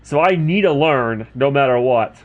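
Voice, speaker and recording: A man's voice: mid-range voice, lively intonation, normal speed, muffled recording. A man streaming a role-playing game, chatting casually to his viewers between lines of game text. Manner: chatty, talks to chat while reading game text. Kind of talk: casual livestream commentary.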